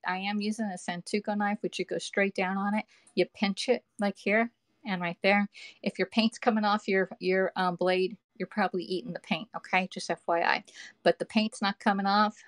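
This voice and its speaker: A woman with a mid-range voice hosts a live cooking stream from her home kitchen, recorded with no room sound. She's chatty, reads viewers' comments aloud, and talks to them with "y'all" and "okay".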